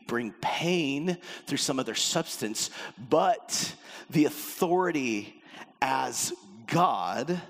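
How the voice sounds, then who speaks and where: A man preaching a sermon as pastor, animated and emphatic, with sudden drops into a low, intense voice. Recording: long reverb of a large hall.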